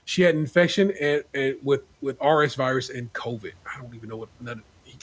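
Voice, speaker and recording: A man's voice: mid-range voice, fast. A man hosting a podcast who reads forum posts aloud in a laid-back, wisecracking, profane way. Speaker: podcast host.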